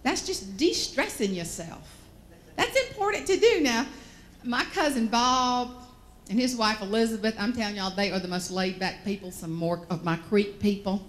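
A woman with a Southern American accent giving a humorous keynote, telling stories in an animated, folksy way. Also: medium pitch, normal speed. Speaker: motivational speaker.

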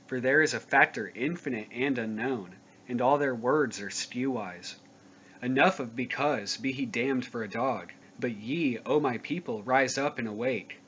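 A man giving a solemn scripture reading, slow, grave and declamatory. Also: mid-range voice, a bit bright. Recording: dull lo-fi recording with faint noise.

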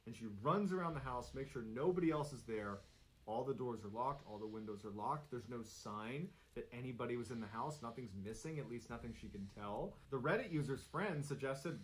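A man narrating an eerie true story in a steady, suspenseful, detailed way. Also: medium pitch, fairly quick, rough recording.

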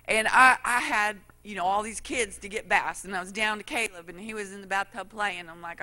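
Middle-aged woman preacher, bright voice, folksy storyteller. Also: mid-range voice, fairly quick. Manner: folksy storytelling, acts out quotes. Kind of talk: sermon.

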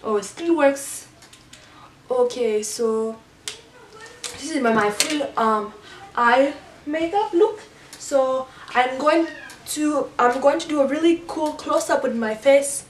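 A middle-aged woman with a slightly high voice rambles playfully through a casual makeup tutorial, often trailing off and starting over. She sounds set back from the microphone, and her voice rings in a roomy space over faint background noise. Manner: halting, rambling and playful, with many restarts. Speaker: mother doing a makeup challenge. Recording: roomy echo, a little distant from the mic, faint background noise.

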